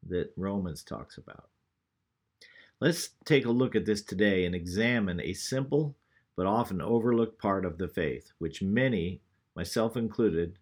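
A man preaching a sermon, who reads scripture aloud and asks the congregation questions. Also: fairly low pitch.

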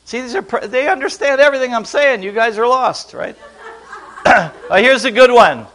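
A man's voice: extremely high pitch, lively intonation, moderate pace, a bit bright. A man preaching to a congregation, playful and quizzing his listeners as he goes. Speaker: pastor teaching a congregation. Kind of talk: lively sermon to a live audience.

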